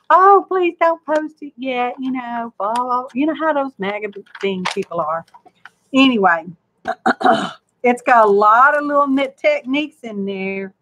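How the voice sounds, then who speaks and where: A woman hosts a crafting channel and works through a live demonstration, chatting homily and rambling to herself and those watching. Her voice is fairly high with a fairly bright tone.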